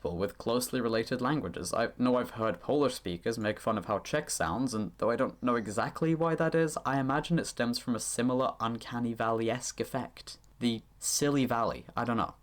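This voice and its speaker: A man's voice: mid-range voice, normal speed, few pauses. A man narrating a scripted explainer on language in a dry, lightly wry way. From Sweden. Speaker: video essay narrator.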